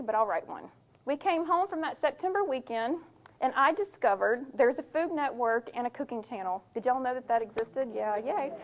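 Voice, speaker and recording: Woman speaker, young, candid testimony style, pitch a bit high. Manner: candid, storytelling, emotional swings. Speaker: cookbook author and speaker. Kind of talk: personal testimony talk to an audience.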